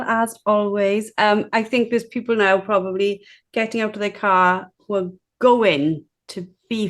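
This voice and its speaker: A woman hosting a podcast, chatty and relaxed, telling a light personal story and laughing easily. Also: mid-range voice. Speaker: podcast host. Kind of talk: podcast conversation.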